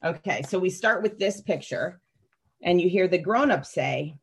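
A woman leading a children's message in worship, reading aloud slowly and teaching with a light laugh. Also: fairly low pitch, expressive, gravelly, breathy edge.

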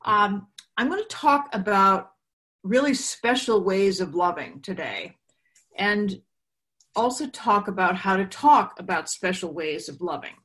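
A woman giving a children's talk in a church service, telling a story slowly and gently with props. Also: medium pitch, lively intonation.

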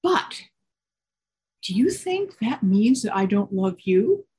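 A woman's voice: mid-range voice, very animated, slow pace. A woman voicing a loving, patient mother. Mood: tender. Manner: soft, reassuring. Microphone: video call.

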